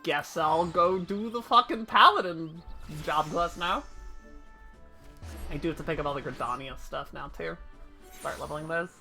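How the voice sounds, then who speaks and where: Bright-voiced, playful woman streamer. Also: deep voice, normal speed, gravelly, long pauses, faint music behind. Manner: playful, chatty, swears casually. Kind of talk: casual gameplay commentary.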